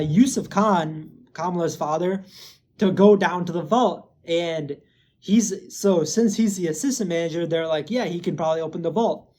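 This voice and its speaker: With a slightly high voice and a bit of background noise, this recap host talks through a TV episode in a loose, rambling way, full of fillers and curse words. When he hypes something, he turns excited and loud.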